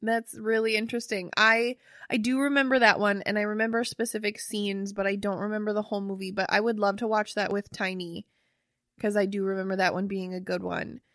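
A woman's voice: mid-range voice, level tone, brisk, a bit bright, no room sound. Chatty young woman, very dry sound. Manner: chatty, swears casually, trails off and restarts. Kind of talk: casual chat.

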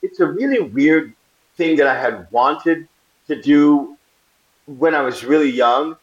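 A man's voice: on the high side, takes it slowly, dull audio. Laughing male storyteller from Brooklyn. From Brooklyn, New York. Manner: animated storyteller, laughs often, acts out quotes. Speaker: guest actor. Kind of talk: casual anecdotal interview chat.

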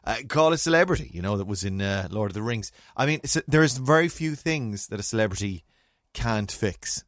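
An Irish man hosts a podcast, spinning an anecdote with wry asides. His pitch swoops up and down as he talks. The sound is dry and close to the mic. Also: brisk, no room sound. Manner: animated storyteller, wry asides. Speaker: podcast host. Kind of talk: casual podcast chat.

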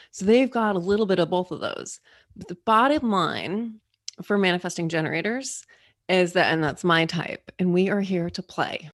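A woman talks in a playful, animated way as she explains ideas to an interviewer. Her voice sits on the low side. The sound is dry and close, with no room echo. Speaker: guest explaining personality types. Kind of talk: casual interview talk.

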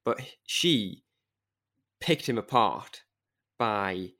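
A man co-hosts a podcast in a chatty, teasing way. His voice sits in a middle pitch, and he talks easily as he leads into the interview. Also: a bit bright. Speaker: podcast co-host. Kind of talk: casual podcast chat.

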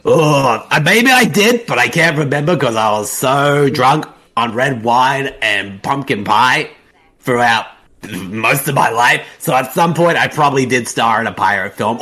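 A man voicing a scatterbrained, boozy, flirty woman in an improvised comic bit, rambling and lurching up and down in pitch. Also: bright, forceful tone.

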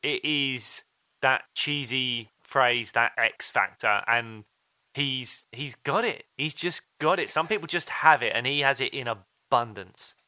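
Chatty bright-voiced man. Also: medium pitch, unhurried, dry recording. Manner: chatty, storytelling with quoted asides and fillers. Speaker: podcast co-host. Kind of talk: casual chat.

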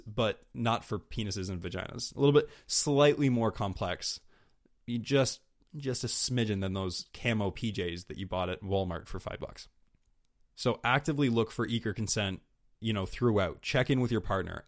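A young man hosting a solo podcast, talking candidly and rambling with lots of fillers and restarts, swearing casually. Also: on the low side. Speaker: podcast host.

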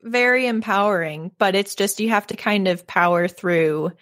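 A woman's voice: medium pitch, moderate pace, a bit bright, no echo, studio quality. A young adult woman co-hosting a podcast in casual chat, earnest and peppering her talk with "like.". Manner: earnest, lots of "like". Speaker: podcast co-host.

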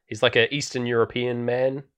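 A man of middle pitch talks through a film scene by scene in relaxed podcast chat. His speech rambles with plenty of fillers, and he keeps breaking into laughter as he goes. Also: normal speed, smooth. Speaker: podcast co-host. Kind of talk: casual film-review chat.

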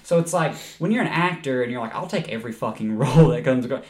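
A man's voice: mid-range voice, lively intonation, fast, darkish tone. A man co-hosting a movie podcast, joking around, laughing often and swearing casually. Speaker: podcast co-host. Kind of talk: casual chat.

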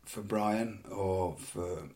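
A middle-aged man from England, a former wrestler, telling animated anecdotes in a casual chat with frequent laughs and repeated words. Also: low voice, drawn-out words.

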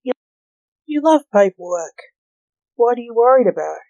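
A sarcastic young superhero son who teases his father with a slightly lifted voice, as a woman reads him aloud. The sound is dry and close, the tone mellow. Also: on the high side, very animated, normal speed, creaky, no echo, lo-fi sound, pitched above the performer's own voice. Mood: teasing. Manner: sarcastic, teasing. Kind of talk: audiobook reading by the author.

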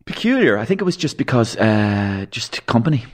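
Here an Irish man, guesting on a podcast, tells meandering, darkly comic tales of growing up, complete with acted-out voices. He sounds very animated, with a medium pitch and normal speed.

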